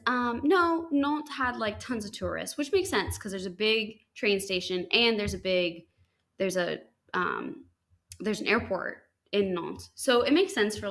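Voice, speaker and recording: A young woman from the United States, a podcast host, casually telling a story with lots of "like" and "um" and bright, high-pitched quoted lines. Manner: chatty, animated quotes with high-pitched acted lines, frequent likes and ums.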